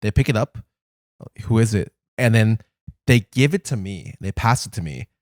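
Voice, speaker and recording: A man's voice: lowish voice, a little fast, dry recording, clean studio sound. A man co-hosting a podcast, telling stories in casual chat and swearing freely. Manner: animated storyteller, swears freely. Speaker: podcast co-host.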